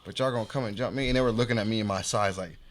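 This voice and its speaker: With a crowd audible in the background, a podcast host whose voice sits on the low side races through a street story. His casual, slangy delivery is animated, and he acts out the voices of those he quotes.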